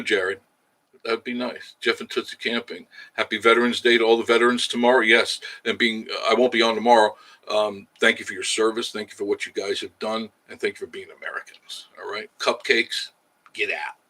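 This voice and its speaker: A man's voice: fairly low pitch, bright, forceful tone, low-quality recording. A man hosting a casual livestream, chatting in a rambling, candid way as he reads out viewer comments. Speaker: livestream host.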